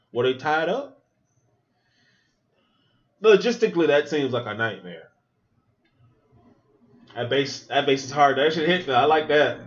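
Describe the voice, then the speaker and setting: Man, podcast host, loose profane movie-reaction chat, lively swinging pitch, dull lo-fi sound. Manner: animated, profane, thinks aloud with asides. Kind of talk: casual movie reaction commentary.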